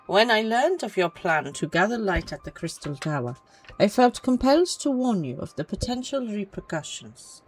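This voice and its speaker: A woman voicing a stern female guard captain in a fantasy game, reading her lines in a formal, measured way. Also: medium pitch, big pitch swings, soft background music, pitched above the performer's own voice, natural voice, low-quality recording. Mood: earnest.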